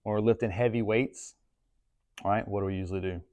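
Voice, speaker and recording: A man with a slightly low voice teaches a class of lifters. He talks casually and keeps checking in with quick questions. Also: steady tone, darkish tone. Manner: casual, asks the group questions often. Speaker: strength coach. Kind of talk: classroom coaching talk.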